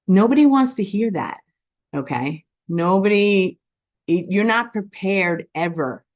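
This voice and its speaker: A woman giving a personal testimony, talking quickly and passionately, often checking in with "okay?" and acting out voices as she tells her story. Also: on the low side. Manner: animated storytelling with quoted dialogue. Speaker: business testimony speaker.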